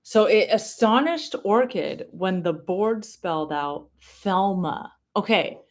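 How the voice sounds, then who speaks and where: A woman's voice: mid-range voice, lively intonation. A woman reading a family memoir aloud in a casual way, stopping often to comment and explain. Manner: reads slowly, breaks off to comment and explain.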